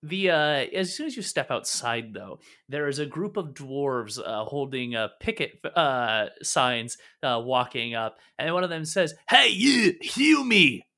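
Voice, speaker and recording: A man's voice: mid-range voice, animated, measured pace, few pauses, sharp tone. A man narrating as game master of a tabletop game, rambling with many ums and uhs. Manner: rambling, many fillers, laughs often.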